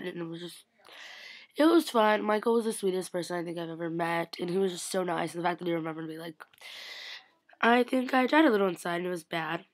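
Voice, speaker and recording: A young woman chatting excitedly to camera in a casual vlog, gushing and full of "like". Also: on the low side, no room sound. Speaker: vlogger.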